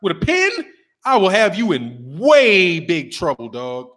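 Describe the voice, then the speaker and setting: High-voiced man ranting casually. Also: a little slow. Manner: animated, profane, acts out voices of others. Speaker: boxing channel host. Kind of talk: casual monologue rant.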